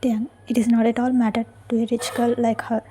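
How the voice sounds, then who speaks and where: A woman reading the lines of a stubborn, defensive young man in a soft, breathy near-whisper, as part of a fan-fiction audio story. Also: a little high, level tone, fairly quick, slight background noise, close to an everyday voice.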